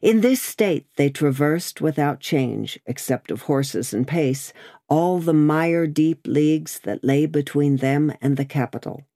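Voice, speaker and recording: Measured audiobook narrator, dry sound. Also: mid-range voice, dark tone, dry recording. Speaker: audiobook reader. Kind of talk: scripted narration of a classic novel.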